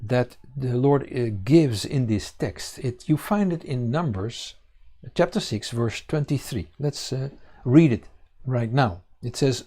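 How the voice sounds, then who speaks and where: A man teaching a congregation on scripture, pausing often with fillers and restarting his sentences. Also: mid-range voice, lively intonation, dark tone. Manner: halting, many fillers and restarts. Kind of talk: bible teaching.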